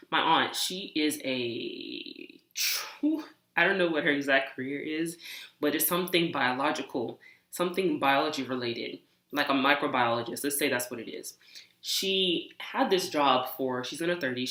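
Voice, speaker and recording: A young woman studying engineering, telling animated, exasperated stories in a casual vlog. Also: deep voice, echoey room. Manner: animated, exasperated, talks with hands. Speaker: engineering student vlogger.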